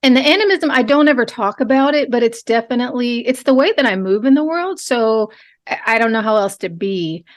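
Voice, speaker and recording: Earnest woman podcast guest, fairly high. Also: expressive, brisk. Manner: warm, earnest, with restarts. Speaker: guest, trauma therapist. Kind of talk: casual podcast interview.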